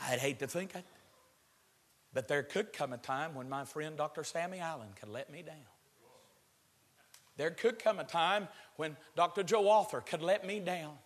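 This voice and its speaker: A male preacher delivering a sermon, swinging from low murmurs to shouted, drawn-out climaxes. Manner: stretches words for emphasis. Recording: long hall reverb.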